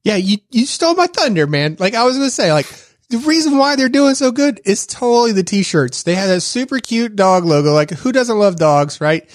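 A man's voice: sits high, sing-song, moderate pace, no room sound. A man co-hosting a tech podcast, chatting casually and joking, with frequent fillers. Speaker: podcast co-host. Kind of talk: casual chat.

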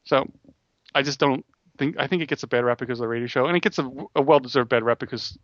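A man co-hosting a casual podcast chat, rambling quickly with frequent restarts. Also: medium pitch, a bit bright, no room sound. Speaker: podcast co-host. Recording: dull dry close-mic audio.

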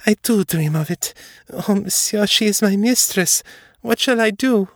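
A man voicing a young, devoted French maid in a higher, breathy, pleading voice with a French accent. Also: a little slow, no room sound, studio quality. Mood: flustered.

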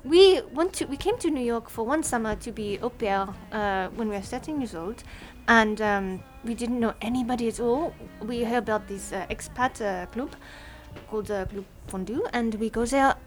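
An actress playing a chatty young French woman with a French accent, co-hosting a comedy podcast in halting, eager bursts. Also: fairly high pitch, soft background music, close to an everyday voice. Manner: halting, eager, speaks in fits with fillers. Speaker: co-host.

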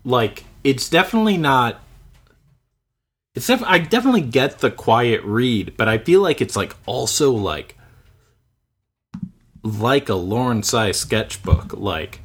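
A man's voice: medium pitch, big pitch swings, unhurried, pauses often, a bit bright, slightly rough. A man in his thirties chatting casually, rambling and searching for words with lots of filler. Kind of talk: casual chat.

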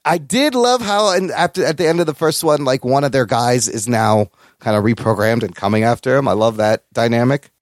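A man co-hosting a podcast in casual chat, profane and enthusiastic, with animated swings in pitch. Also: brisk. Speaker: podcast co-host.

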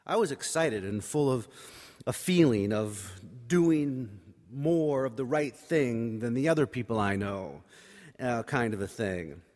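A man's voice: mid-range voice, lively intonation, unhurried, darkish tone. A man preaching by telling a personal story in a wry, conversational, self-mocking way. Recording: reverberant hall.

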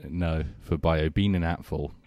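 A man's voice: extremely low pitch, fairly even intonation, a little slow, dark tone, no echo. A man hosting a casual motorsport chat, dryly steering through the news items. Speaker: host.

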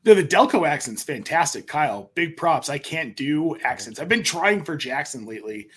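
A man from Denver co-hosting a casual sports podcast, blunt and emphatic and quick to swear. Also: a little high, sing-song, a bit bright, slightly rough. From Denver, USA. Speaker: podcast co-host.

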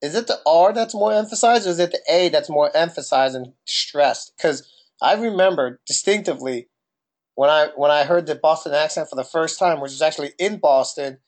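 A man's voice: a little high, moderate pace. A young man from New Jersey with a New Jersey accent, co-hosting a casual podcast and asking questions between anecdotes. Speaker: podcast co-host. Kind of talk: casual chat.

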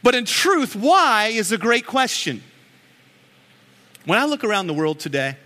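Earnest high-voiced pastor in an echoey hall. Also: male voice, sharp tone. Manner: earnest, emotional, with storytelling asides. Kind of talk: sermon. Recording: echoey hall with long reverb.

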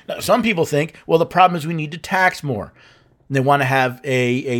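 A man hosting a show, explaining his points in a casual, conversational way with fillers and restarts. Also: a little high. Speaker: host. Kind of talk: explanatory commentary.

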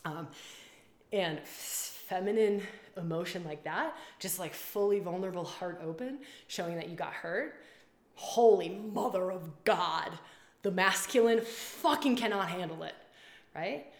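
Woman hosting a casual live stream, animated and blunt, repeats herself, roomy echo. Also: fairly low pitch, unhurried. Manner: animated, swears freely, repeats phrases. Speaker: women's circle and retreat leader.

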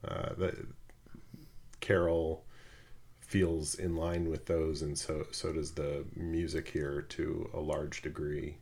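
A man's voice: extremely low pitch, level tone, takes it slowly, vocal fry, darkish tone. A man hosting a film podcast, speaking thoughtfully and hesitantly with many ums. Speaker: podcast host. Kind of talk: casual film discussion.

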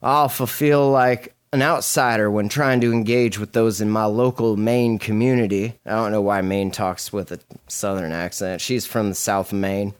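A man co-hosting a casual podcast, reading articles aloud and dropping crude deadpan jokes between passages. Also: lowish voice, moderate pace, hardly any pauses, clear, resonant tone. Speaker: podcast co-host.

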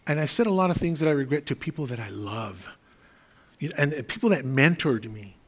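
A man's voice: fairly high pitch, lively intonation, brisk, slightly rough. A man preaching an earnest, conversational sermon, explaining scripture and Greek words. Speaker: pastor.

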